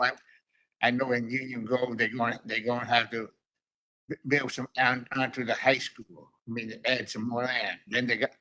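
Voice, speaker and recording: Older man giving halting public comment. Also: mid-range voice, bright, forceful tone, rough recording. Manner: rambling, halting. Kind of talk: public comment at a county board meeting. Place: county board chambers.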